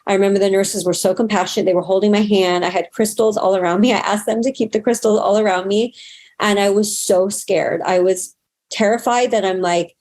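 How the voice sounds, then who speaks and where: A woman's voice: medium pitch, fairly even intonation, a little fast, a little mellow. Earnest talkative woman telling her story. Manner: earnest, talkative, acts out past moments in quotes. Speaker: interview guest. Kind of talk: candid personal storytelling.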